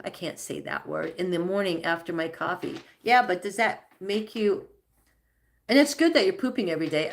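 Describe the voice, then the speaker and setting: A woman in her fifties hosting a casual livestream, speaking candidly and answering viewers' comments as she teaches breath work. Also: medium pitch. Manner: candid, animated, talking back to viewers' comments. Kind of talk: casual livestream talk reading chat comments.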